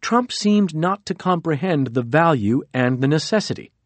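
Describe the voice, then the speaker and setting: Brief: male audiobook narrator, measured delivery, dead-dry booth sound. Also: fairly high pitch, lively intonation, no echo. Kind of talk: scripted narration.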